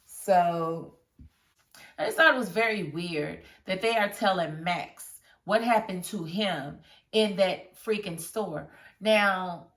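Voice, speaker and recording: A chatty woman talks through a TV episode review in a relaxed, casual way, laughing often as she retells scenes. Her voice sits at a middling pitch and carries a roomy echo. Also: recorded from a distance.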